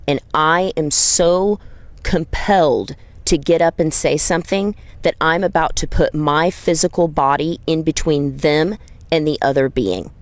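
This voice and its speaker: Woman vlogger with a low voice, earnest and emphatic personal storytelling to camera. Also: measured pace, dry recording. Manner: earnest, emphatic, acts out gentle high-pitched pleas. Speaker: dog trainer and video creator.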